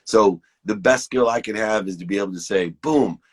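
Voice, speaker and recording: A man's voice: on the low side, fairly quick. A man in his fifties giving an enthusiastic, preachy pep talk to viewers on a live stream, hosting it from his phone. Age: 50s.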